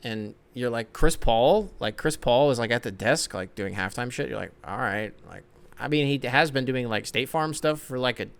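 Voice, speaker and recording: Profane, excitable young man ranting. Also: medium pitch, moderate pace, vocal fry, smooth. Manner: profane, excitable, swings between shouting and mumbling. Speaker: podcast host. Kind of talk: ranting sports commentary.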